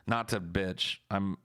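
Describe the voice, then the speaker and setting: Streamer, male, very low pitch, loose profane chatter, dry close sound. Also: fairly bright tone, smooth, no room sound. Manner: loose, profane and rambling, with many restarts. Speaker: live streamer. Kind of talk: casual late-night stream chat.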